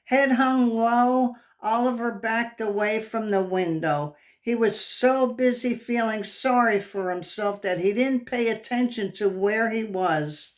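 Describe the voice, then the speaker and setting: A woman's voice: on the high side, measured pace, few pauses. A woman reading a picture book aloud to children, stopping to ask the kids questions. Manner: engaging, asks the kids questions. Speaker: storyteller.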